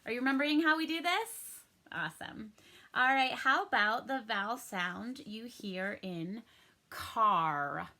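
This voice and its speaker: A young adult woman teaching a recorded first-grade phonics lesson, cheerful and clearly enunciating each sound. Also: a little high, lively intonation, bright, forceful tone. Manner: cheerful, slow and clearly enunciated, sings and plays at pirate sounds.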